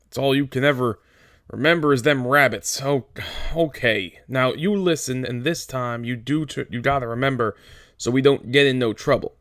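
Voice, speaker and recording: A man voicing a small, irritable male ranch hand who scolds in a gruff, exasperated way. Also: medium pitch, moderate pace, fairly bright tone, dry recording, studio quality, pitched above the performer's own voice, natural voice. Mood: scolding.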